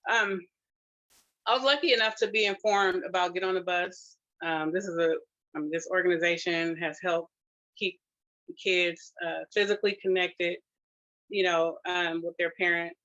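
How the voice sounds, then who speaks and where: A grandmother sharing a personal testimonial, emotional and close to tears, talking in a halting way with many fillers and restarts. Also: lowish voice, fairly even intonation, fairly bright tone, muffled recording. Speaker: grandmother sharing her family's experience.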